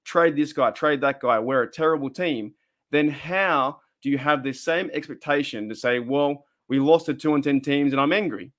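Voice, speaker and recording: A man's voice: fairly high pitch, normal speed, fairly bright tone. A young Australian man hosting a casual live stream, rambling and repeating himself as he reads the chat.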